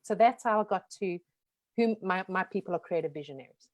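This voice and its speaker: A woman in her forties from South Africa with a softened South African accent, talking frankly and lively as a guest in a casual interview. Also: on the low side, no room sound, dull audio. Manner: lively, frank, talks in quick runs. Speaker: guest, brand strategist.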